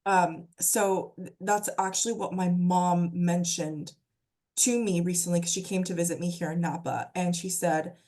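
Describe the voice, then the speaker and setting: A woman hosting a podcast, soft-spoken and heartfelt in casual conversation. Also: lowish voice, fairly even intonation, normal speed. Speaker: podcast host.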